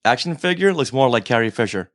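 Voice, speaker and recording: A man's voice: mid-range voice, lively intonation, fast. A man co-hosting a podcast in casual chat with his wife, teasing and talkative. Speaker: podcast co-host.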